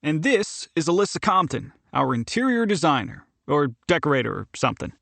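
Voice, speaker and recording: A man's voice: fairly high pitch, very animated, brisk, creaky, a bit bright, dry recording, full character voice. A man voicing a playful hockey captain who needles his teammate, in an audiobook. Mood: teasing. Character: teasing male hockey captain, jovial.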